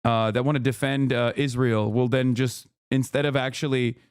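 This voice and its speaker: A man's voice: medium pitch, fairly even intonation, normal speed, smooth, no room sound, studio quality. A man streaming live, reacting to clips with sarcastic, mock-outraged asides and rambling restarts. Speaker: political streamer.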